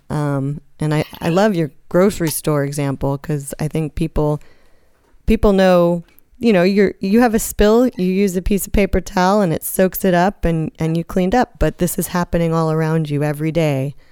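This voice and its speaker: A woman's voice: sits low, dark tone, clear, resonant tone, no room sound, clean studio sound. A woman hosting a casual interview, affirming her guest and talking with some restarts. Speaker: interview host.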